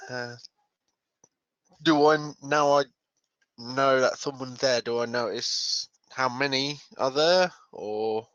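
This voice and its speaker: A man's voice: medium pitch, slow pace, a bit bright, smooth, no echo, lo-fi sound. A man playing a tabletop game, talking hesitantly with many fillers and some swearing. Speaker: player.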